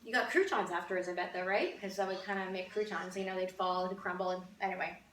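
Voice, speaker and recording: A woman's voice: fairly low pitch, fairly even intonation, fast, fairly bright tone, roomy sound, distant mic, a little hiss or hum, rough recording. A woman from Canada chatting casually to camera as a vlogger, with wry, amused asides.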